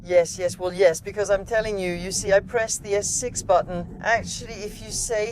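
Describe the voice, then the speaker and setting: A woman's voice: mid-range voice, steady tone, brisk, few pauses, a crowd in the background, low-quality recording. A woman, an automotive TV journalist, chatting casually from inside a car and explaining things with many asides. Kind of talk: casual conversation.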